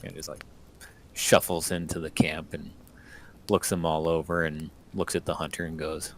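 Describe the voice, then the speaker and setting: A man's voice: extremely low pitch, flat delivery, moderate pace, a little hiss or hum. A man casually describing his character's actions in a tabletop game, with hesitant fillers. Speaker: player.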